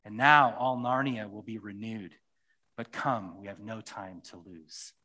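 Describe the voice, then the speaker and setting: Guy reading out a wise old lion from a storybook, slow and solemn, kinda tender, bright voice. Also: lowish voice, steady tone. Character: wise, gentle, noble male lion. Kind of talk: reading a story aloud in a sermon.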